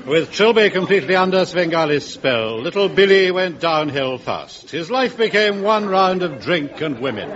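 A man's voice: on the high side, lively intonation, moderate pace, few pauses, music in the background. A male announcer giving mock-dramatic narration in a radio comedy sketch. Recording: dull old radio broadcast with loud hiss.

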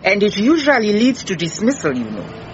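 A patient, persuasive woman detective, voiced by an actress. She moves her pitch around a lot as she speaks. The radio play recording is slightly dull. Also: sing-song, moderate pace, a little hiss or hum, natural voice. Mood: firm. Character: calm, firm woman detective. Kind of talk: radio drama acting.

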